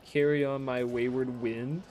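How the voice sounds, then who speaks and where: A man's voice: mid-range voice, flat delivery, unhurried, a little mellow, a little hiss or hum. A young American man streaming a game, chatting casually and reading viewer messages aloud, rambling, laughing often and swearing freely.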